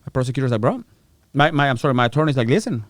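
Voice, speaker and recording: A man's voice: medium pitch, big pitch swings, racing, dry recording. A middle-aged man, a podcast guest, telling a story in a casual, profane way, acting out the voices of people he quotes. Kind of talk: storytelling interview.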